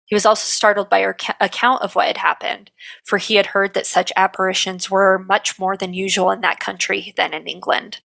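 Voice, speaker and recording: Gravelly, bright-voiced woman reading history. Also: mid-range voice, fairly quick. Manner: steady storytelling read. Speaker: podcast co-host.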